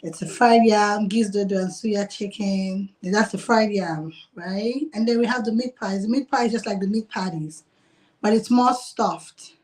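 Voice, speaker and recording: A woman's voice: mid-range voice, normal speed, a little mellow. Woman restaurant owner, casual and giggly, talks on a video call. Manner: chatty, laughs often, uses "like" a lot. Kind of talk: casual interview.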